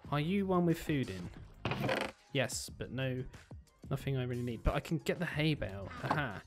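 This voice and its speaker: A man giving chatty let's-play commentary as he plays, thinking aloud with excitable bursts. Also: medium pitch, normal speed, music in the background. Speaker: gaming video creator.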